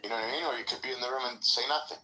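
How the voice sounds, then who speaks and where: A man telling a story in casual chat, animated and full of filler words. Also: medium pitch, rapid-fire, a little hiss or hum, rough recording.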